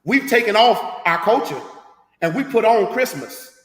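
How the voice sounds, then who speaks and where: High-voiced preaching man, echoey hall. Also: expressive, measured pace, fairly bright tone. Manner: emphatic street-talk preaching, rhetorical questions. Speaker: teacher leading a scripture class. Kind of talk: preaching Bible class.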